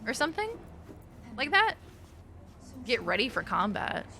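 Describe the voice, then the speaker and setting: A woman's voice: fairly high pitch, very animated, unhurried, vocal fry, sharp tone, slight background noise. A woman streaming a video game, chatting casually, laughing often and swearing freely. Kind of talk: casual chat while gaming.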